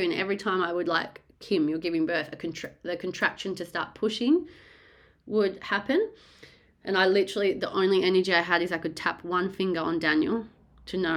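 A woman speaking in a slightly low voice, recounting her own birth story in candid, casual conversation. She talks frankly and with animation, and swears freely. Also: a bit bright.

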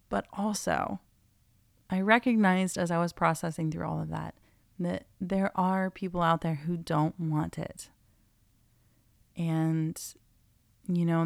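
Earnest woman podcast host, low voice. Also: creaky, clear, resonant tone, no room sound, studio quality. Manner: earnest, encouraging. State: nearly losing her voice. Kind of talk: casual podcast talk.

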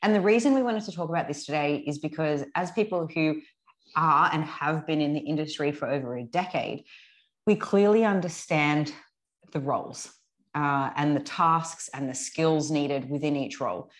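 Woman, 30s, low voice, blunt and laughing, leads the podcast chat. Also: normal speed. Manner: frank, laughing, swears freely. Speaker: podcast co-host, fitness coach. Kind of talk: casual chat.

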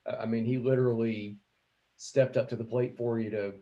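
A man's voice: medium pitch, level tone, moderate pace, warm tone, highs cut off. A man hosting a casual interview, affirming his guest and chiming in.

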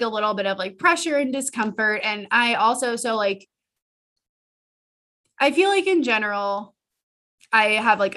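Chatty young woman, bright, laughing often. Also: on the high side. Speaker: physical therapist and former patient, podcast guest. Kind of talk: casual chat.

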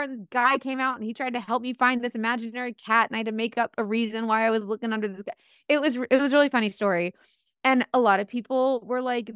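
A woman with a Southern accent, a guest in an interview, telling her story in a chatty, animated way and often quoting herself. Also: a little high, dry recording, studio quality.

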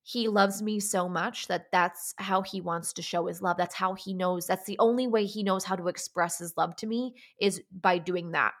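A woman's voice: fairly low pitch, steady tone, moderate pace, few pauses, a bit bright. A young adult woman hosting a solo podcast, talking candidly and confessionally, often saying "like" and restarting her sentences. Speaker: podcast host.

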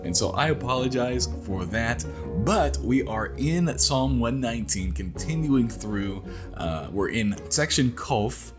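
A middle-aged man hosting a casual morning devotional, teaching through scripture in an earnest way that speeds up and slows down. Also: mid-range voice, lively intonation, over music. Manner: earnest, speeds up and slows down, rises when acting out a cry.

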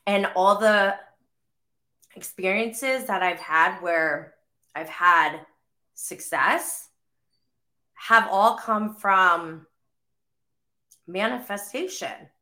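Woman, thirties, casual rambling podcast talk, slow delivery, coughing from flu. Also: lowish voice, sharp tone. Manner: rambling, full of "like" fillers. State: getting over the flu, coughing. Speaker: podcast host and mother. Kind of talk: casual chat.

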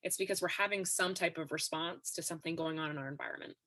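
Low, bright-toned woman explaining steadily. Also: steady tone, fast. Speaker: expert guest. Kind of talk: conversational podcast interview.

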